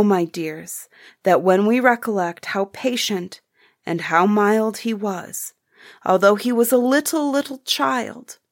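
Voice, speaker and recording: Brief: woman reading humble middle-aged father, gentle and earnest, unhurried lines. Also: medium pitch, no echo, studio quality, natural voice. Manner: earnest, tender, softly emotional. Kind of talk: audiobook character reading.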